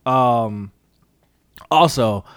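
A young man co-hosting a casual movie review chat, animated and swearing a lot, often mimicking voices. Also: mid-range voice, very slow, clean tone, no echo, clean studio sound. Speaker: podcast co-host.

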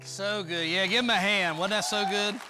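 A middle-aged man preaching a sermon as pastor, animated and folksy. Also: high voice, moderate pace, music in the background.

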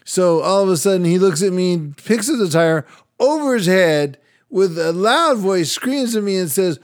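A man's voice: high voice, expressive, normal speed, no echo, clean studio sound. An older Latino man, a radio and podcast host, telling a personal story in casual chat, laughing often and acting out other people's voices. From Latin American heritage, United States.

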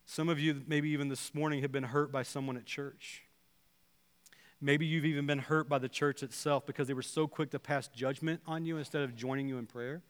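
A man's voice: fairly high pitch, steady tone, a little fast, clean tone. A man preaching a sermon as a pastor, earnestly acting out quoted prayers and dialogue. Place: church sanctuary. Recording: long hall reverb.

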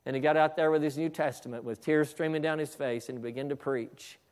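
A male preacher delivering a fervent sermon. He often restarts his phrases, breaks in with exclamations of praise, and builds up to shouting. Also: a little high, steady tone, a little fast, clear, resonant tone.

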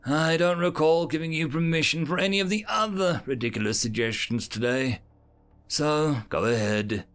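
A man voicing a female alien pack commander who is tense and dry-humored, with a brisk, commanding way of talking. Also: fairly high pitch, fairly bright tone, soft background music, close to an everyday voice.

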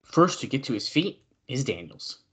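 Young guy doing excited wrestling play-by-play, chatty, middle pitch. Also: moderate pace. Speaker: podcast co-host. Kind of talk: casual wrestling watch-along commentary.

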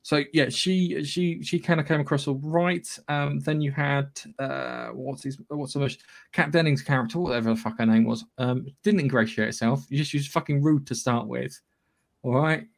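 A man's voice: medium pitch, steady tone, moderate pace, creaky. A man co-hosting a podcast in casual chat, blunt and sweary, rambling with frequent restarts. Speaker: podcast co-host.

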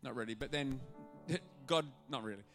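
A male pastor preaching a sermon to a church congregation, animated and acting out the voices in his stories. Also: medium pitch, moderate pace, soft background music. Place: church auditorium.

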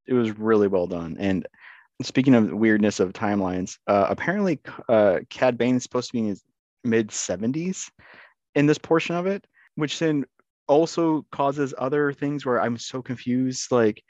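A man's voice: mid-range voice, normal speed, darkish tone, dry recording. A man chatting casually on a podcast in a laid-back, joking way, laughing often. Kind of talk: casual chat. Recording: dry, dull lo-fi mic.

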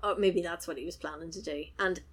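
This podcast co-host has a low, slightly rough voice and a brisk delivery. Recapping a TV episode in a casual way, she often breaks into laughter and performs the characters' dialogue.

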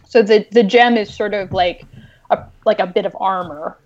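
A woman novelist talking casually about her writing, animated and excited, with many fillers. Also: medium pitch, moderate pace, dull audio. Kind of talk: casual podcast chat.

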